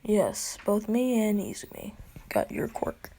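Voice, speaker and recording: A woman voicing a cold scarred half-robot boy, husky, slow, swinging pitch. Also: sing-song, dark tone. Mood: flat, cocky.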